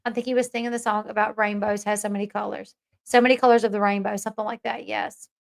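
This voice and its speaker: A woman's voice: medium pitch, level tone, quick pace, gravelly. A woman hosting a casual commentary talk, chatty and opinionated, reading out viewer comments as she goes. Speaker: host.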